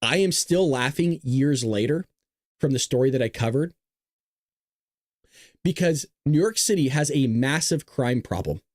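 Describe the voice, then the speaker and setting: Male host, animated, lively pitch, dry close webcam sound, casual commentary. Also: unhurried, pauses often, no room sound. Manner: animated, laughs often, repeats himself. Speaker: show host.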